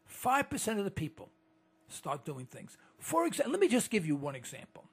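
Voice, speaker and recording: An older man delivers an indignant, rambling monologue, stumbling and restarting his sentences as he goes. His voice sits high and leaps around a lot. It has a husky, gravelly texture. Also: wildly swooping pitch, moderate pace. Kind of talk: monologue to listeners.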